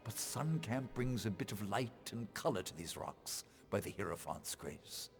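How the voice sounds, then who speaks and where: A creepy gravelly traveler trainer. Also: male voice, fairly low pitch, expressive, a little slow, long reverb tail, faint music behind. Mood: measured. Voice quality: gravelly, unsettling. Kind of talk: video game voice acting.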